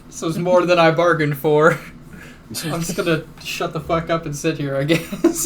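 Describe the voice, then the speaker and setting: A young man with a fairly high voice adds laid-back, joking asides to a casual podcast chat. A faint hum of background noise sits under him. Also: steady tone, measured pace, fairly bright tone. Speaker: podcast co-host.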